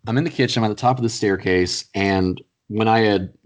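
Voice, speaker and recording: A young man co-hosting a podcast, talking in a blunt, profane and animated casual chat. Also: lowish voice, fairly quick. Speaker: podcast co-host.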